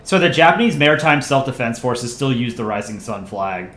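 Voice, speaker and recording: A man's voice: medium pitch, expressive, a little fast, fairly bright tone. Joking, rambling male streamer. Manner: joking, rambling, self-deprecating. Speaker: livestream host and channel voice actor. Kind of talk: casual livestream chat reading viewer messages. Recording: roomy echo, faint ambience.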